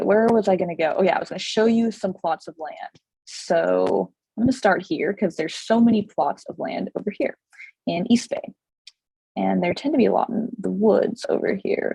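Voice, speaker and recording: A woman realtor with a slightly hoarse voice and a Californian accent, chatting casually with many fillers and restarts. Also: medium pitch, mellow, no echo, rough recording. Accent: Californian English. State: slightly hoarse, losing her voice. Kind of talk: casual explainer video.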